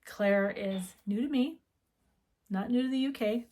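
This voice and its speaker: Chatty, rambling woman with a fairly high voice. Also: unhurried, dark tone. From United States. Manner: chatty, rambling, self-interrupting. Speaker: needlework shop owner. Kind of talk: casual chat.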